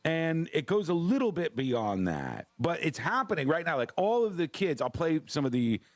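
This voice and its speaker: Radio host, man, playful wry banter, animated pitch; dry booth. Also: moderate pace, dry recording. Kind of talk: casual radio talk show banter.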